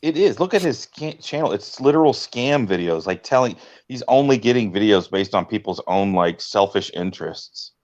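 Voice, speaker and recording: A man co-hosting a casual podcast, teasing and reacting quickly. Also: on the low side, expressive, darkish tone, dull audio. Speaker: podcast co-host.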